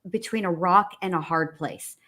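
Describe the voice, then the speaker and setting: A woman co-hosting a casual commentary chat, reasoning in a measured, plainspoken way with folksy phrases. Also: lowish voice, bright, forceful tone.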